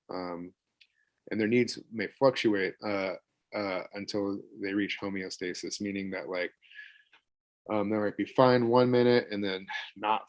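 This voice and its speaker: A man's voice: fairly low pitch, darkish tone. A man leading an online parent workshop as a therapist, talking casually with many fillers and acting out what parents and kids might say. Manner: chatty, lots of fillers, acts out parent and kid lines. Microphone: video call.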